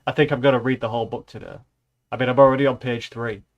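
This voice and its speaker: A man's voice: mid-range voice, steady tone, fast, muffled recording. A man streaming himself reading a novel aloud, breaking off for sarcastic, sweary asides. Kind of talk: casual reading aloud with commentary.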